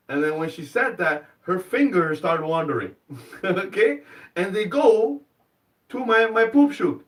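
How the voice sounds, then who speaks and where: Man, stand-up comedian, live club set, rambling halting delivery, bursts of excited shouting, slightly high voice, a bit distant from the mic.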